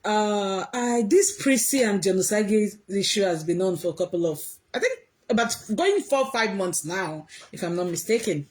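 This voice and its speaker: A woman talking to her viewers in an emphatic, animated way, often raising her voice. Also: mid-range voice, moderate pace, hardly any pauses. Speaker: vlogger. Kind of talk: casual commentary to viewers.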